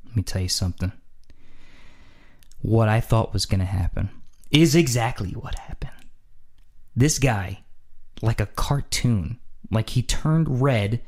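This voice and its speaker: A man's voice: fairly low pitch, slow, pauses often. A man telling a funny story in a casual podcast chat, acting out scenes and repeating lines for effect, close to a studio mic. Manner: animated, acts out scenes, repeats phrases for effect. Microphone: studio microphone.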